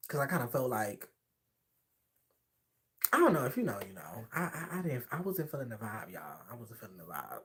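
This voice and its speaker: This man spins a sassy tale while chatting on his livestream, talking briskly. His voice swoops up and down, and he performs the quoted voices of the people in his story with lots of animation.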